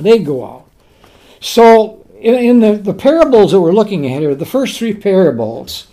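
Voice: medium pitch, big pitch swings, normal speed, mellow. A preacher delivering a sermon on a parable in a folksy, conversational way, repeating key words for emphasis.

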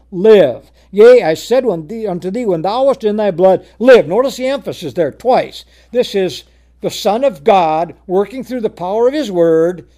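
A man preaching a sermon, reading scripture aloud in old-fashioned wording and explaining it in plain speech, often repeating words and rising to loud emphasis on key words. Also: fairly high pitch.

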